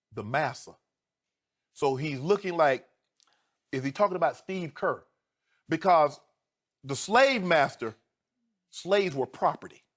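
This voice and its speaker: A middle-aged TV sports commentator argues heatedly, emphatic and indignant. He shifts from low, measured speech to loud declarations and a run of rhetorical questions.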